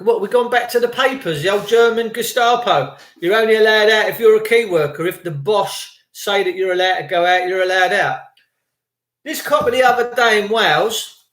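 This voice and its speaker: A man's voice: high-pitched, a bit bright, reverberant. A man delivering an indignant, sarcastic ranting monologue. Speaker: vlogger.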